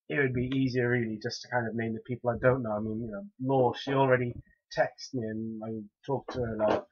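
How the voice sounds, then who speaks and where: A man's voice: mid-range voice, slightly rough. A young man with a Welsh accent, rambling casually through questions in an audio post, hesitant and full of fillers. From Wales. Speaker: audio blogger. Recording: dull lo-fi home recording.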